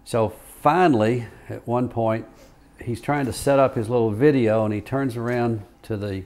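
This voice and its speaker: A man's voice: medium pitch, steady tone, moderate pace, a little mellow. Older man telling courtroom anecdotes. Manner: rambling anecdotal, frequent fillers, chuckles. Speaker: retired lawyer. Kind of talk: oral history interview storytelling.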